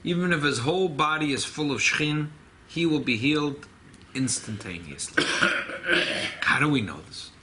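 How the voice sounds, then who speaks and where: A rabbi teaching an informal class, telling a story with lively emphasis. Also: male voice, a little high, measured pace, background noise. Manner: animated storyteller, mixing Hebrew and Yiddish terms.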